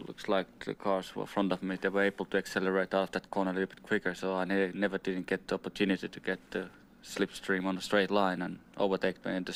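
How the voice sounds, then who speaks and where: A racing driver answering podium questions in broken English with many repetitions. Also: male voice, sits low, a bit bright, slight background noise. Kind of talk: post-race podium interview.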